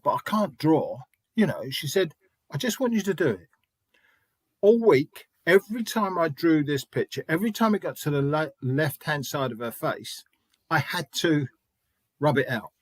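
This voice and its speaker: A man's voice: on the high side, no room sound. A middle-aged man and spiritualist medium telling stories in an interview, chatty, restarting often and acting out quoted dialogue. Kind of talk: anecdotal interview storytelling.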